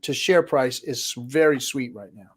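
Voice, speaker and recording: A man hosting a casual livestream, reading out viewer questions and explaining in a halting way with many restarts. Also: mid-range voice, slightly rough. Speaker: show host.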